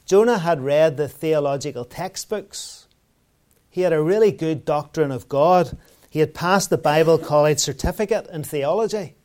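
A man preaches with a voice pitched a little above most men's. He keeps it conversational, asking his listeners rhetorical questions and weaving in everyday anecdotes. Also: animated, moderate pace, darkish tone. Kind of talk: sermon.

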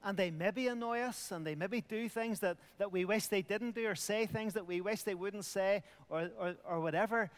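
Guy preaching at communion, fairly high voice, earnest, goes quiet and hushed sometimes. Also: normal speed, hardly any pauses, long reverb tail. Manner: earnest, drops to a near whisper at tender points. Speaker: pastor. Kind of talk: communion sermon.

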